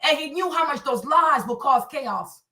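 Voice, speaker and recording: A woman's voice: high voice, lively intonation, normal speed, recorded from a distance, background noise. A woman hosting a heated political commentary livestream. She preaches, repeats herself and hammers rhetorical questions, stopping to thank viewers for donations. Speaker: livestream host. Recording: echoey room, voice away from mic.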